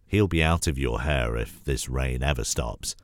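A man's voice: normal speed, no room sound, studio quality. A man with a cold voicing a kindly, motherly grandmother who soothes and scolds. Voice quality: cold-roughened deep voice. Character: kindly fussing old grandmother.

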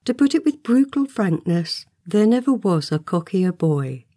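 A woman narrating a storybook aloud in a gentle, expressive way, sometimes dropping to a soft whisper. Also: medium pitch, a little slow, no room sound, studio quality. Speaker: audiobook narrator.

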